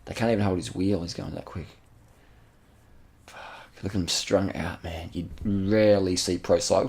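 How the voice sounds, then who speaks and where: A man giving excited, slangy, repetitive commentary over race footage, with casual swearing. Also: low voice, normal speed, creaky. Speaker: channel host.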